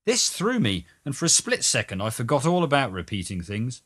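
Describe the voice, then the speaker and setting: A man's voice: mid-range voice, big pitch swings, brisk, a bit bright, slightly rough. Wry man reading a travel tale. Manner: dry, wry storytelling. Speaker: narrator. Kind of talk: reading a travel memoir aloud.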